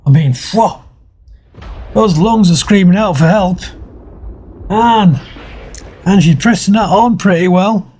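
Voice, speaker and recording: Slow, husky, sarcastic man. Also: high voice, darkish tone. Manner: mocking, sarcastic, drawn-out delivery. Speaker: commentary channel host. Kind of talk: sarcastic video commentary.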